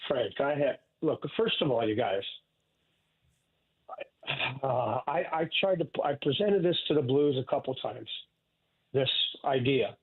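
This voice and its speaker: An older man from Canada, a radio guest, talking haltingly with many restarts about living with illness. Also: medium pitch, animated, slightly rough. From Saskatchewan, Canada. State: ill with cancer. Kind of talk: emotional interview talk. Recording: tinny phone line.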